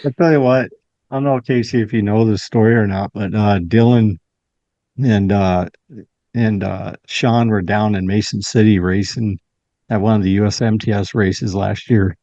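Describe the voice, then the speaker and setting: A man with a fairly low voice hosts a casual podcast chat, telling stories in a relaxed way and cursing often. The recording is dull and lo-fi with a dry sound and no room echo. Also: moderate pace. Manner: laid-back storyteller, swears freely. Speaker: podcast host.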